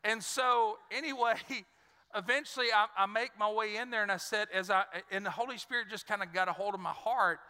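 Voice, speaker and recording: Animated pastor, bright and high. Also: male voice, brisk, clean tone. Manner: animated, acts out voices in his stories. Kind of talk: sermon with personal storytelling. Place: large church hall. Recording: reverberant church sanctuary.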